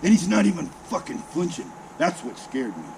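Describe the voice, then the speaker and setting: A man's voice: on the high side, brisk, creaky, background noise. A man in his sixties telling a salty personal story in a casual, heavily profane way. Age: 60s. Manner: heavily profane, salty, animated with mimicked sounds.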